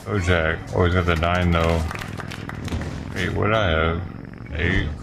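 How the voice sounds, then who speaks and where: A man with a low voice talks half to himself while he plays cards on a live stream. His remarks are casual and offhand, a running murmur of reactions to each hand. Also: steady tone, slow pace, gravelly, a crowd in the background, noisy background. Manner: mutters reactions to the card game to himself.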